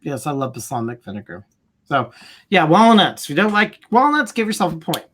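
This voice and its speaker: A man's voice: fairly high pitch, sing-song, a little fast, fairly bright tone, a little hiss or hum. A man co-hosting a casual livestream chat, emphatic and dramatic about foods he dislikes. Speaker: co-host.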